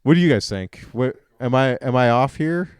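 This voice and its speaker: A man, a father and podcast host, telling a profane, animated story in casual chat and acting out the dialogue. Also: medium pitch, moderate pace, smooth, no echo, clean studio sound. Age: adult father.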